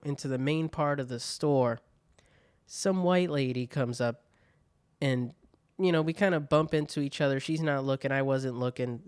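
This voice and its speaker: A man's voice: medium pitch, a little mellow, smooth, dry recording. A young man hosting a solo podcast, telling stories in a casual, profane way. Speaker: podcast host.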